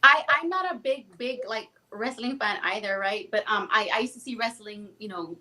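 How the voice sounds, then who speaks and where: A woman guest on a podcast, telling lively stories in casual chat and acting out the quotes. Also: medium pitch, normal speed. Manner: animated storytelling, acts out quotes. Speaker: guest singer.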